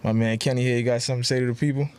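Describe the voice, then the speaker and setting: A man with a New York accent hosting a podcast, steering a relaxed, conversational chat. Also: mid-range voice, very fast, clean tone. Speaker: podcast host. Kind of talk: casual podcast banter.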